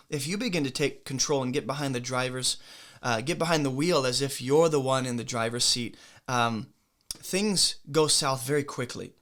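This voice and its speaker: A young man giving an informal, earnest sermon, talking conversationally with quick asides. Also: mid-range voice, sharp tone. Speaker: preacher.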